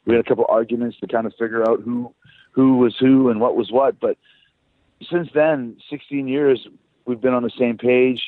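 A man's voice: mid-range voice, steady tone, moderate pace, no echo. A man, a rock band frontman, chatting loosely as a guest in a phone interview, swearing and storytelling. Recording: tinny dry phone line.

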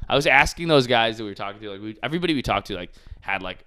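A man's voice: mid-range voice, animated, very fast, sharp tone, clear, resonant tone. Crude, ranting male podcast host. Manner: crude, sarcastic ranting with frequent "dude". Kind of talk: casual comedic chat.

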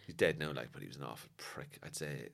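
A man's voice: extremely low pitch, quick pace, gravelly. A man telling stories in a casual chat, swearing often and acting out the lines of the people in them. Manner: swearing, animated, acts out quotes.

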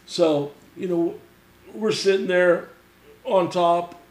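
A man's voice: sits high, slow. A middle-aged man telling a long story as a podcast guest, swearing freely and acting out what others said. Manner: profane, animated, acts out quoted voices. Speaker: podcast guest, former mechanic. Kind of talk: casual storytelling. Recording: roomy echo.

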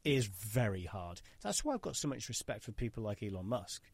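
A man's voice: lowish voice, very animated, fairly quick, vocal fry, slightly rough, no echo. A man hosting a podcast, teasing his guest and swearing casually as he talks. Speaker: podcast host.

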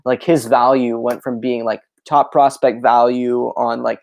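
A fast, opinionated speaker on a sports podcast who keeps saying "like". The voice has a middling pitch and sounds dry and close. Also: little pitch movement, creaky, darkish tone, no room sound. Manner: fast, opinionated, heavy use of "like". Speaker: podcast co-host. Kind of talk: casual sports podcast chat.

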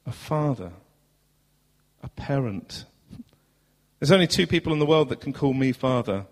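A man with a southern English accent preaching a sermon as pastor in a church, earnest, asking rhetorical questions and moving between loud and hushed passages. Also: medium pitch, expressive, normal speed. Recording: long hall reverb.

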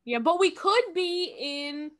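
A woman playing a guessing game, chatting casually and thinking out loud, often correcting herself mid-sentence. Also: very high voice, animated, slow pace. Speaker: game streamer. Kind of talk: casual gameplay chat.

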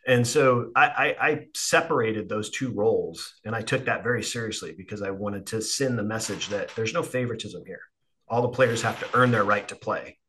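Man, podcast host, former coach, bright, forceful voice, halting, restarts phrases. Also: on the low side. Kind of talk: casual interview.

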